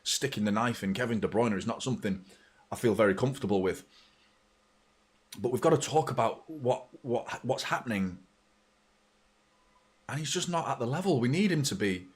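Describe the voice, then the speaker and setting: A man's voice: mid-range voice, expressive, moderate pace, long pauses, husky. A man hosting a live football watchalong, mixing blunt, sweary fan chatter with play-by-play. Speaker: fan channel host. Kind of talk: live match watchalong commentary.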